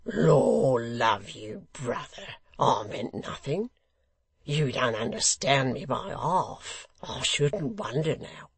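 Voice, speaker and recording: A man voicing a shabby, wheedling hangman, drawn out and loud. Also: medium pitch, animated, gravelly. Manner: ingratiating, conciliatory, louder and slower.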